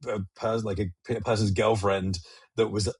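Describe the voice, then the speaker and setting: A man co-hosting a podcast, chatting casually and telling lively, sweary stories that act out movie quotes. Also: lowish voice, moderate pace, breathy edge, no room sound. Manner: animated, swearing storyteller who acts out movie quotes. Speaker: podcast co-host. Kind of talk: casual chat.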